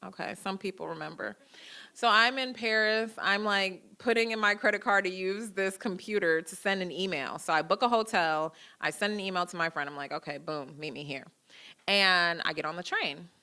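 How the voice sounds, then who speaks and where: A woman's voice: medium pitch, moderate pace, smooth. A woman in her thirties giving a public lecture, telling personal stories with acted-out dialogue. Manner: lively storytelling, acting out quoted dialogue. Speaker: guest lecturer. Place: lecture hall.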